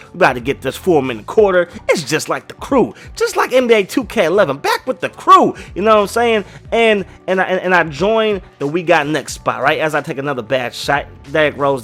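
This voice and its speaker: A man with a slightly high voice gives loose, rambling commentary as he plays a video game. He talks in a slangy, chatty way and keeps checking in with his viewers. Faint music runs underneath. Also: a bit bright. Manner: rambling and chatty, full of slang and "you know what I mean". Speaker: gaming YouTuber. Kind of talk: casual commentary while playing a game.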